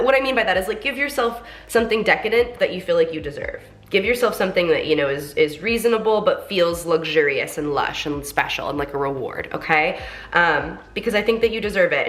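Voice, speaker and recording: Low-voiced congested woman reading tarot. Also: a bit bright. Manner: chatty, encouraging, filler-heavy. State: congested from a cold. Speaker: tarot reader.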